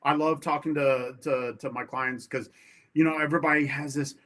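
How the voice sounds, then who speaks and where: A man's voice: medium pitch, brisk, fairly bright tone. A man who is a guest on a podcast, talking eagerly with a lot of stumbling restarts and acting out phone calls with clients. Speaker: podcast guest, sales rep. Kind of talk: casual chat.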